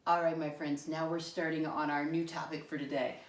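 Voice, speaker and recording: Low-voiced teacher in an echoey room. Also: female voice, little pitch movement, fairly quick. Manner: patient, sing-song questioning of pupils. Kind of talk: classroom lesson for young children. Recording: echoey room, mic far off.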